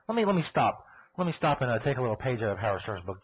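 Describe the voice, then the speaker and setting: A man's voice: mid-range voice, sing-song, racing, breathy edge. A man hosting a live podcast, ranting crudely and sarcastically. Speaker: podcast host. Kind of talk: profane live podcast rant. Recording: tinny phone-like audio.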